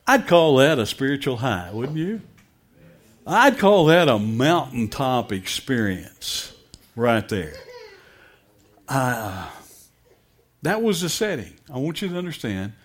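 A middle-aged pastor preaching a sermon, emphatic and asking his congregation direct questions. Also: medium pitch.

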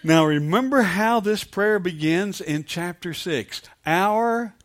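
A man's voice: sits high, a little slow. A man preaching a sermon, calling on the congregation for amens and building to emphatic peaks. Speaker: pastor.

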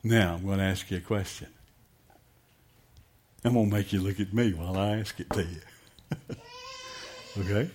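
A man's voice: low voice, moderate pace, pauses often, a little mellow. A middle-aged pastor preaching a sermon, emphatic and asking his congregation direct questions.

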